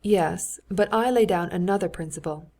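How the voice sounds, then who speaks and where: A woman's voice: fairly low pitch, a little mellow. A woman reading a stiff, lecturing statesman. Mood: pedantic. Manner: deliberate, lecturing. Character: stiff, pedantic older statesman, man.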